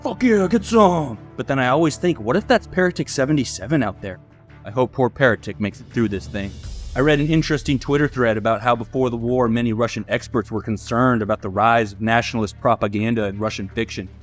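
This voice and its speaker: A young man from the United States delivering scripted commentary narration as a video essayist, sardonic and profane. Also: medium pitch.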